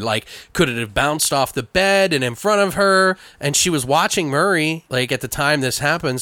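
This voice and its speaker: Lively, animated male podcast host. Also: a little high, no room sound. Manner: animated storytelling, trying not to swear. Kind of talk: casual chat.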